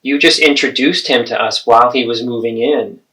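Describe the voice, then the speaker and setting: A man's voice: medium pitch, normal speed, pushed and bright, lightly acted. A man playing an adult daughter who earnestly and persistently confronts her mother in a therapeutic role-play.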